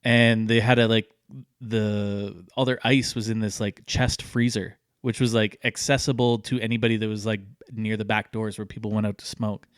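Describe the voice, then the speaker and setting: A man's voice: fairly low pitch, normal speed, smooth, no echo, studio quality. A man, co-hosting a podcast and telling a long story in a casual, rambling way full of fillers. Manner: rambling, many fillers, animated when telling stories. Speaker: podcast co-host.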